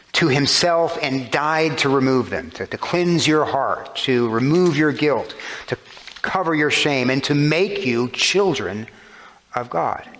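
Preaching with a fairly high pitch and a fairly bright tone, a man explains scripture, posing rhetorical questions and shifting his emphasis. The recording carries a long hall reverb.

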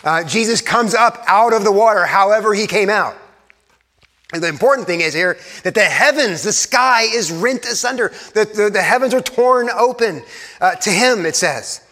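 A man, an Anglican pastor, preaching an earnest sermon in a church, sometimes dropping to hushed tones for emphasis. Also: high-pitched, lively intonation, normal speed. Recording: long reverb of a church hall.

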